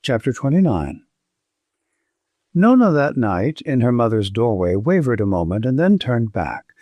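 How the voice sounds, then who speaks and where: A man narrating a classic novel as a scripted audiobook, with expressive, varied intonation. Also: medium pitch, unhurried, no echo.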